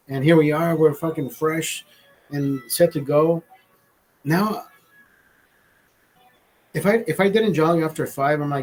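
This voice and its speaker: Rambling, profane man with a higher voice. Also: normal speed, pauses often, low-quality recording. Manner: rambling, profane, animated storytelling. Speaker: livestream host. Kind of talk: casual late-night livestream chat.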